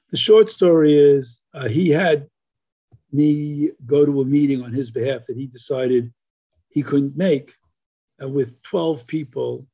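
Older man with a husky, mellow voice. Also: a little high, highs cut off. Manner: animated storyteller, many fillers and restarts. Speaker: guest. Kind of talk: storytelling in a podcast interview.

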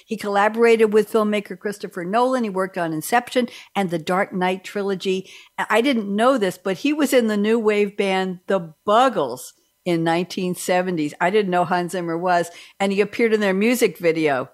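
A woman's voice: medium pitch, moderate pace. A middle-aged woman hosting a radio talk show, chatting casually and rambling from one aside to the next.

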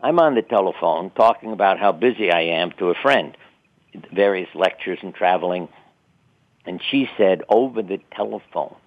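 A man's voice: on the low side, expressive, moderate pace. An older man being interviewed, telling personal stories in a reflective, chatty way with wry laughs at himself. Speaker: guest. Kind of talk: interview storytelling. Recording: tinny phone-line sound.

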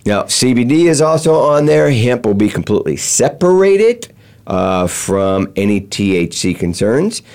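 A man's voice: mid-range voice, big pitch swings, measured pace, a little mellow. A man hosting a talk show, explaining step by step with many fillers and restarts. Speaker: show host. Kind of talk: explanatory chat.

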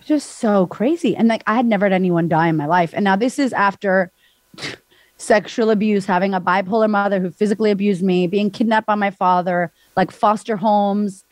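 A woman's voice: mid-range voice, normal speed, dry recording. A woman guest on a podcast, frankly retelling a hard personal story with lots of "like". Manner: frank, breathless retelling full of "like", acts out voices.

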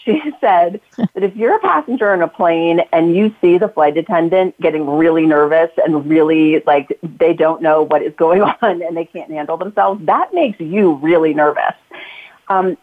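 Talkative woman author on a tinny line. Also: lowish voice. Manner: talkative, acts out quoted lines to her kids. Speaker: author and guest. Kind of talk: casual interview talk.

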